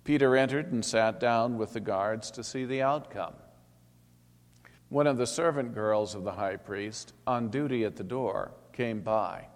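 A man reading a Bible passage aloud in a steady, solemn manner. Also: lowish voice, unhurried. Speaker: scripture reader. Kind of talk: scripted Bible narration. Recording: long hall reverb.

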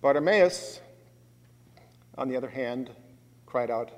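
A man preaching a sermon as a pastor, deliberate and emphatic, swelling loud on key words, in a church. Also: medium pitch. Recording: long reverb of a large hall.

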